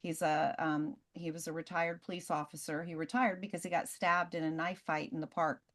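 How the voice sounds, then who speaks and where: A woman presenter on a video call, telling casual, lively stories in quick bursts. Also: deep voice. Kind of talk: animated storytelling on a video call.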